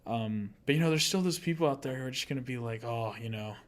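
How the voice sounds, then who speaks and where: A man's voice: mid-range voice, fast talker. A young man co-hosting a casual podcast, laid-back, laughing often and trailing off with fillers. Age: young adult. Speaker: podcast co-host. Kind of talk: casual chat.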